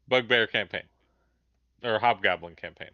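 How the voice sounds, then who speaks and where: A man's voice: on the low side, dry recording. A young man joking and laughing as a player in an online tabletop game. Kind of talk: casual chat at a game table. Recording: muffled lo-fi voice call.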